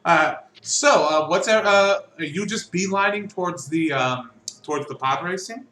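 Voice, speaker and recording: Brief: fast, rambling male game master with a bright, slightly high voice. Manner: quick, rambling, lots of fillers. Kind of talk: running a tabletop game over voice chat. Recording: echoey room, faint background noise.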